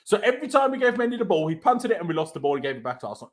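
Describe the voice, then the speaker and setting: A man's voice: high-pitched, big pitch swings, racing, few pauses. A young man hosting a football fan reaction show, ranting in exasperation with swearing and rhetorical questions. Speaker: fan channel host. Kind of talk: heated football reaction chat.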